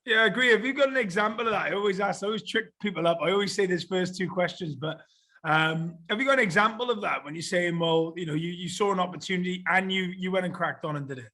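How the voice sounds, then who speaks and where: A man's voice: sits high, quick pace, bright, forceful tone. A man hosting a podcast, chatty and friendly, calling his guest mate. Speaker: podcast host. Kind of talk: casual podcast interview.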